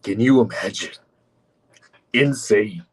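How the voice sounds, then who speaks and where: Sardonic male streamer, lowish voice. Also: takes it slowly, husky. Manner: sardonic, mocking, profane asides. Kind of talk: casual livestream chat reading comments.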